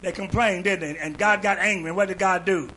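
A man preaching a sermon in a church, calling out to the congregation and building up to shouts. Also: high voice, fairly even intonation, a little fast, slightly rough, low-quality recording. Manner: call-and-response preaching, rising to shouts.

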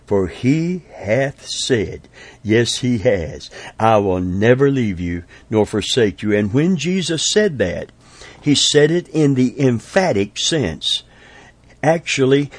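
A man's voice: mid-range voice, husky, no echo. A man preaching a sermon in an emphatic style, repeating phrases and building to strong emphasis. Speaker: pastor.

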